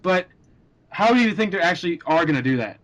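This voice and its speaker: A man's voice: high-pitched, lively intonation, fairly quick, a bit bright. A young man hosting a casual group chat podcast, rambling with lots of fillers and frequent laughs. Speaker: podcast host.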